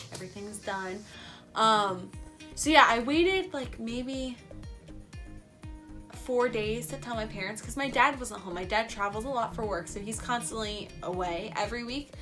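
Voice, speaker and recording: A young woman telling a story in a casual vlog, chatty and excitable, saying "like" often. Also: mid-range voice. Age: young adult. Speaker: vlogger.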